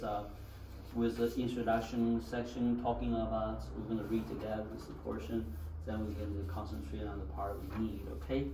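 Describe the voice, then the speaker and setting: In an echoey classroom recorded from a distant mic with faint hiss, a male teacher leads beginners through a language lesson. His voice is lowish and dark, his manner loose, peppered with "okay"s as students repeat his words back.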